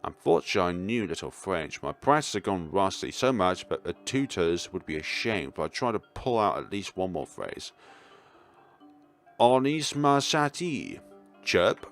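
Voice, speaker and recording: A young man reads a horror visual novel aloud, his fairly low voice swinging widely as he jokes between lines. Soft game music plays underneath. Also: brisk, hardly any pauses. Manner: animated, adds asides and jokes. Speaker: gaming YouTuber.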